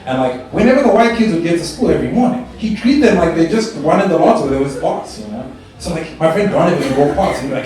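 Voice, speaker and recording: A young man doing a stand-up set, telling his stories with a lively, swinging delivery. His voice rings out in a strongly echoing room and is heard from a distance, as a live stage performance. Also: fast, few pauses. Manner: animated storytelling, jumps to high squeals for own quoted voice. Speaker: stand-up comedian. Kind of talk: stand-up comedy routine. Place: stage in a club or hall.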